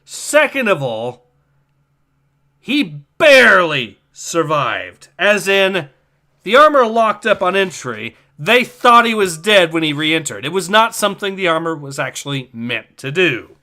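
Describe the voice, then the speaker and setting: A man's voice: high voice, big pitch swings, measured pace, sharp tone. A man hosting a livestream comic reading, reacting animatedly, swearing and reading out chat comments.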